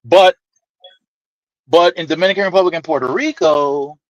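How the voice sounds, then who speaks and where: A man's voice: fairly high pitch, moderate pace, no echo, poor audio. A man telling a casual, profane anecdote, animatedly acting out the people in it. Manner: animated, profane, acts out quoted voices. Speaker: storyteller.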